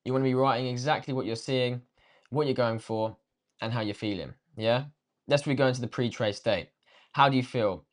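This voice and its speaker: Slangy man coaching traders. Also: mid-range voice. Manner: slangy, swears freely, addresses viewers directly. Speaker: trading coach. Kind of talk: casual spoken lesson.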